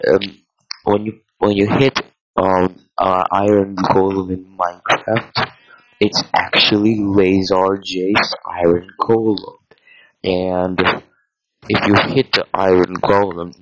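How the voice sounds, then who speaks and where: A man with a deep, low voice talks very slowly, stalling on ums and repeating himself. He rambles through a mock ASMR monologue as the video's host. A faint hiss sits under his voice. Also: a bit bright, poor audio. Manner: hesitant, halting, many ums and repeated words.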